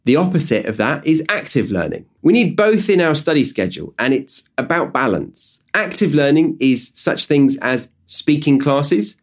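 A British man hosting an English-learning podcast, explaining tips in a lively, jokey way. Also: a little high, normal speed, few pauses. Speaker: podcast host and English teacher. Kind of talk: podcast lesson talk.

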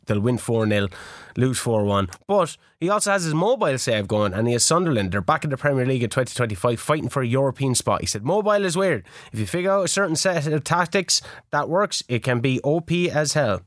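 A man's voice: medium pitch, expressive, quick pace, a bit bright, dry recording, studio quality. A man, co-hosting a podcast, telling a story in casual chat, swearing and laughing often. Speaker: podcast co-host.

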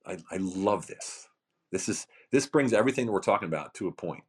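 Husky, lively motivational man. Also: deep voice, fairly quick. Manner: emphatic, repetitive, rhetorical questions. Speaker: founder of a coaching program, podcast guest. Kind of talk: motivational podcast talk.

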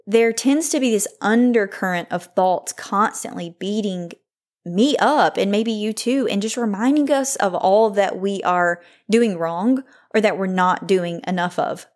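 A woman's voice: mid-range voice, a little slow, a little mellow. A woman in her thirties hosting a faith-based podcast, talking in a candid, reflective way with frequent "like" fillers. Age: 30s. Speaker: podcast host.

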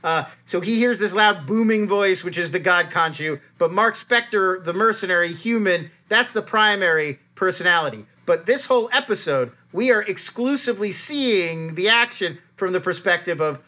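A man co-hosting a podcast, explaining at length in an animated, rambling way full of restarts. His voice is bright and ringing, and he talks casually. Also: high voice. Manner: fast, animated, many restarts. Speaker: podcast co-host. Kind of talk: casual chat.

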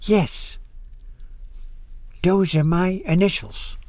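A man voicing a frail elderly woman with an Austrian German accent and a weak, soft voice. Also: on the low side, very slow, no echo, pitched above the performer's own voice. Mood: quiet. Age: older. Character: frail elderly immigrant woman, gentle and sad.

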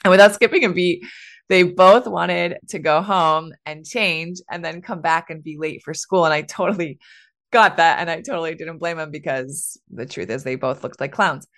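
A woman in her thirties talks casually on her own podcast, candid and chatty. She laughs easily and leans on conversational fillers. Her voice sits somewhat low for a woman. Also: normal speed, fairly bright tone. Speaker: podcast host. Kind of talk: casual solo podcast talk.

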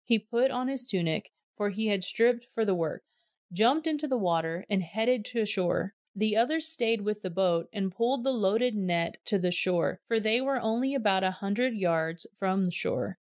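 A woman's voice: medium pitch, expressive, normal speed, darkish tone, no room sound, studio quality. Woman reading scripture aloud. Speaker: scripture reader.

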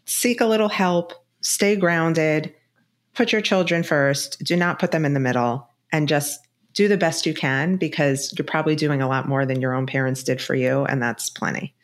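Middle-aged woman, low register, frank and encouraging guest expert. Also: moderate pace. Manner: frank, reassuring, emphatic. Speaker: divorce specialist and author, guest. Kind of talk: conversational podcast interview.

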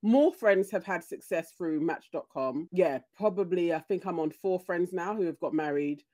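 A woman's voice: lowish voice, moderate pace, warm tone. A British woman hosting a panel chat, giving earnest, encouraging advice.

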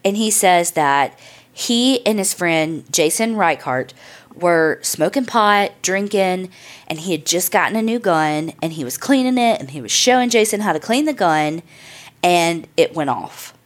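A woman's voice: on the low side, lively intonation, a little slow. A woman hosting a podcast, telling a true crime story in a casual, chatty way, loose and profane with lots of "like" and "I mean". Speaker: podcast host.

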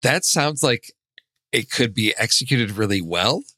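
Movie podcast guy, bright forceful voice, rambly, lots of restarts, dead dry sound. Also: mid-range voice, animated, measured pace, no echo. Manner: rambling, restarts, frequent laughs. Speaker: podcast co-host. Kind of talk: casual movie chat.

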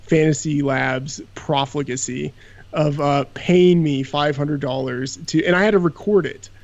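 Man, podcast guest, casual chat, rambling, filler-heavy, fairly high pitch. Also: fairly even intonation, measured pace, darkish tone, lo-fi sound. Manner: rambling, self-deprecating, lots of fillers.

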